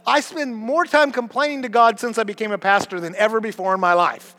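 High-voiced, animated male pastor preaching. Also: brisk, hardly any pauses. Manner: animated, repeats words and restarts, dips to a hush for emphasis. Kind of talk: sermon. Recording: long hall reverb.

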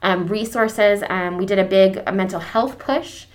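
A woman who leads a church's deacons, talking in a casual podcast conversation. She is effusive and warm-hearted about her subject, with many fillers and restarts. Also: medium pitch, steady tone, measured pace. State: getting emotional.

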